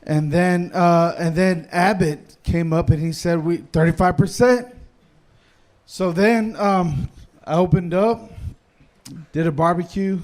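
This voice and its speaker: A man doing a loud, hyped stand-up set on a club stage, shouting out to the crowd. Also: sits high, steady tone, takes it slowly. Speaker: open-mic comedian.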